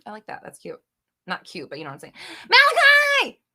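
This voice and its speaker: A woman's voice: deep voice, rapid-fire, fairly bright tone. A young woman hosting a live question-and-answer chat at home, reading viewers' comments aloud in a chatty, giggly way with lots of fillers and the odd swear. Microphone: desk microphone.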